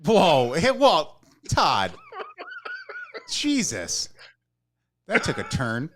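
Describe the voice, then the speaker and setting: A man's voice: on the high side, wildly swooping pitch, extremely slow, fairly bright tone, slight background noise. A man co-hosting a podcast, flustered and laughing at himself in casual comedic banter. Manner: laughing, flustered, self-deprecating. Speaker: podcast co-host.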